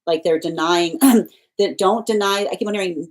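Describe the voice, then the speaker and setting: A woman's voice: mid-range voice, normal speed. A woman giving a live tarot reading, rambling and circling back with repeated phrases and restarts. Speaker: tarot reader.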